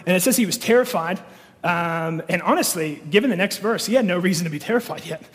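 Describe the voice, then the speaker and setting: High-voiced pastor in a reverberant hall. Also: male voice, quick pace. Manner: conversational, many fillers and restarts. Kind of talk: sermon.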